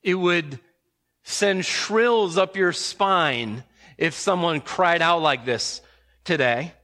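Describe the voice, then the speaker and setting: A man preaching a sermon in an emphatic way, slowing and speeding up to stress points. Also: high voice, bright, forceful tone. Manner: emphatic, varies pace for emphasis. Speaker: pastor.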